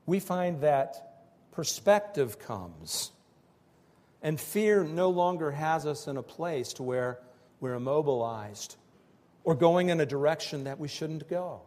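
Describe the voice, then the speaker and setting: A man preaching a sermon in slow, emphatic phrases that swell and drop with pauses between them. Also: a little high, expressive, darkish tone, long reverb tail. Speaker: pastor.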